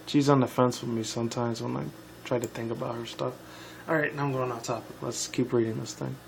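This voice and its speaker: A man's voice: mid-range voice, fairly even intonation, fairly quick, creaky, slight background noise, low-quality recording. A tired young man reading a fan story aloud, stumbling over words and correcting himself with casual asides. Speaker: fan fiction reader.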